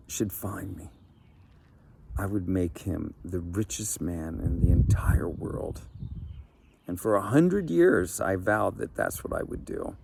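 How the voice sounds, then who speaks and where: Man doing a menacing genie, deep, gravelly, slow, calm threats. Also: exaggerated voice. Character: huge menacing male genie, cold and vengeful. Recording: background noise.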